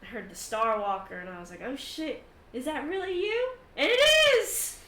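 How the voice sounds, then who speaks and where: A woman voicing a cheerful one-eyed male high elf veteran, calling out high and loud. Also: fast, distant mic. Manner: excited, loud and high-pitched. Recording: echoey room, faint noise.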